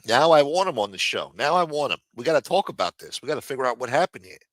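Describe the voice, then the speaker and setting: A man's voice: medium pitch, sing-song, fast talker, fairly bright tone, no room sound, clean studio sound. A man hosting a live commentary stream, sarcastic, profane and mocking as he talks. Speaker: livestream host.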